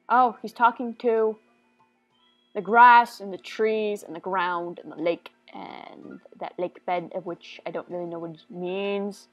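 A woman giving casual, goofy, excitable commentary while she plays a video game, often talking to the characters on screen. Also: medium pitch, a little slow, faint music behind. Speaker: let's play gamer.

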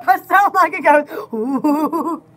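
A woman's voice: sits high, very slow. A woman, hosting a rambling, casual live video from home. She giggles a lot and jumps from one goofy topic to the next. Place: home at night.

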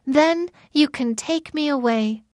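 A woman voicing a gentle, naive young girl locked in a tower, read softly for a storybook. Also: sits high, takes it slowly, no room sound, studio quality. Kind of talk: storybook reading.

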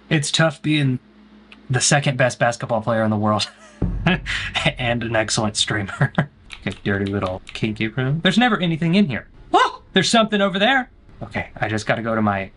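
Animated bright-voiced man gaming. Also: medium pitch, a little hiss or hum. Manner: jokey, answers chat, sudden panicked yelps. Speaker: gaming streamer. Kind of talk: let's play commentary.

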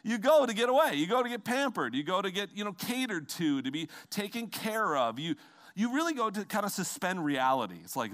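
Animated middle-aged preaching pastor. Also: male voice, high-pitched, fast talker. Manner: animated, conversational preaching with asides to the congregation. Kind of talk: sermon. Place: church sanctuary.

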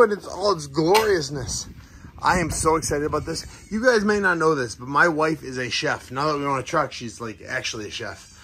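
Excitable chatty man on his farm. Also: mid-range voice, noisy background. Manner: chatty and excitable, swings from loud enthusiasm to quiet mutters. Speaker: vlogger showing his farm and food truck. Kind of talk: casual walk-around vlog. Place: outdoors on a farm with animals.

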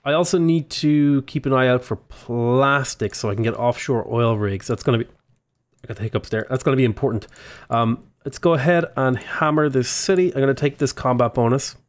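A man's voice: medium pitch, moderate pace, hardly any pauses, clean tone. A young Australian man giving rambling, casual commentary while playing a strategy game, chatting to his units. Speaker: gaming YouTuber. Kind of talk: casual let's-play commentary.

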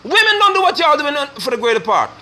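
Fiery preacher, high and lively. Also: male voice, quick pace, slight background noise. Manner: forceful, scolding, preaching. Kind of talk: fiery online sermon.

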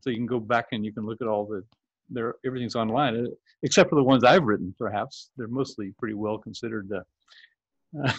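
A man's voice: medium pitch, brisk, slightly rough, no room sound. A man hosting a casual video call meeting, talking in a rambling, self-interrupting way as he explains his work as a journal editor. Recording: dull, lo-fi video call audio.

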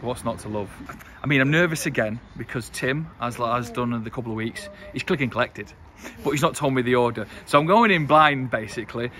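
A man hosting a casual food vlog outdoors, excitable and enthusiastic as he reviews takeaway food. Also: mid-range voice, brisk. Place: outdoors by a car on a street. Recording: noisy street with passing traffic.

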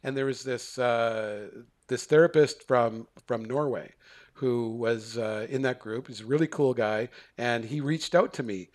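Speaking a little slowly in a mid-range voice, this middle-aged counselor is a podcast guest sharing a story. He gets animated, performing the quoted dialogue, and his telling is full of fillers and restarts.

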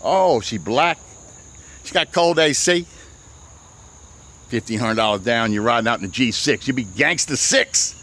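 A man, a used car dealer walking his outdoor lot and giving a playful, slangy sales pitch. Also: lively intonation, a little slow, pauses often, fairly bright tone. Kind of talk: walk-around sales pitch.

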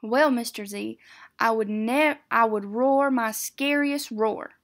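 A woman voicing an eager, clumsy purple male monster pupil who speaks earnestly and a little haltingly. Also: fairly high pitch.

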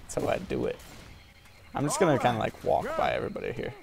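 A man's voice: mid-range voice, wildly swooping pitch, fast talker, gravelly. A man giving casual let's-play commentary while gaming, joking and trash-talking as he plays. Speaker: gameplay commentator. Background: game music and gunfire.

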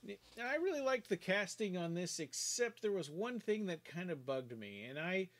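A man's voice: high-pitched, sing-song, moderate pace, a bit bright. An American man with a neutral, news-like accent, co-hosting a podcast in casual, hesitant chat with many restarts. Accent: General American. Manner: hesitant, restarts a lot, easily amused. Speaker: podcast co-host.

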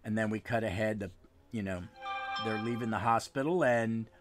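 A man's voice: fairly low pitch, normal speed, over music. A man hosting a podcast, giving a casual, rambling recap of a comic book issue, with frequent restarts and trailing asides. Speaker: podcast host.

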